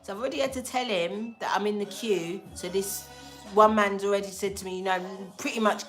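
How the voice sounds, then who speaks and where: A woman telling a story casually to a livestream audience, animated and slangy, acting out the lines of the people in it. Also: medium pitch, a little fast, soft background music. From England. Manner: animated, slangy, acts out dialogue. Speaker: spiritual livestream host.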